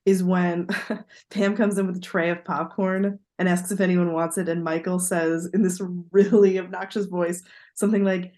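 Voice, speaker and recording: A woman's voice: lowish voice, little pitch movement, moderate pace, a little mellow. A woman co-hosting a podcast in casual chat, talking in a chatty, digressive way and laughing easily. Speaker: podcast co-host.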